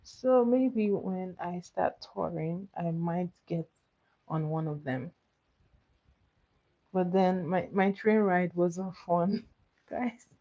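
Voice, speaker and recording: A woman's voice: fairly low pitch, takes it slowly, pauses often, dark tone. A woman chatting casually with live viewers while doing her makeup. She answers their comments and laughs often. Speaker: makeup livestream host. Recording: slightly muffled, dull sound.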